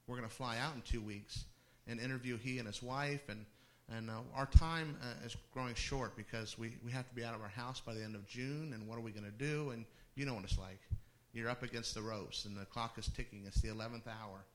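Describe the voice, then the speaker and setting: A man's voice: medium pitch, brisk, few pauses, a bit bright. Man telling a sermon story. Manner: conversational, with laughing asides and restarts. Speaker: pastor.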